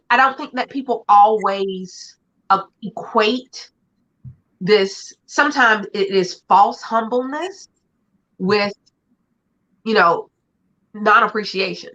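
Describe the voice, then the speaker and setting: A podcast host leads a casual talk-show conversation, chatting expressively with vivid everyday imagery and playful asides. Her voice is medium-pitched, bright and forceful, though the lo-fi recording sounds dull.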